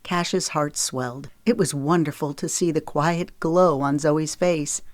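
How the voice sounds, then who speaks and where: A woman narrating a romance audiobook in a steady, measured storytelling voice on a close studio mic. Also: low-pitched, no room sound. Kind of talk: scripted narration.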